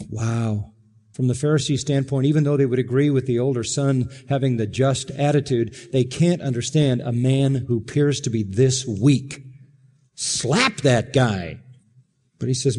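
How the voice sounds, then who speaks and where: A man preaching an expository sermon with emphatic delivery and dramatic pauses, acting out the quotes he reads. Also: medium pitch, mellow, long reverb tail.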